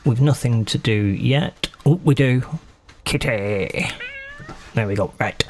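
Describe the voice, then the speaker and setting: A man chatting away while he plays a shop game on stream. His voice sits in a middling range, and his talk is relaxed and rambling. He often mutters to himself and teases himself along the way. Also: mid-range voice. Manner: chatty, talks to himself, self-mocking. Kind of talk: casual gameplay commentary.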